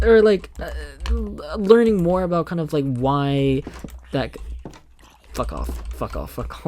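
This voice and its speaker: A man's voice: on the high side, a little hiss or hum. A young man talking casually while playing a survival game, rambling in loose thoughts and swearing when startled. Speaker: gaming video creator. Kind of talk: casual gameplay commentary.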